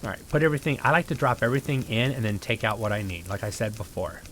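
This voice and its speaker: Relaxed man rambling over gameplay. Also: lowish voice, fast, slight background noise. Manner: relaxed, rambling, thinking aloud. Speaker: game streamer. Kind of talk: casual live-stream gameplay commentary.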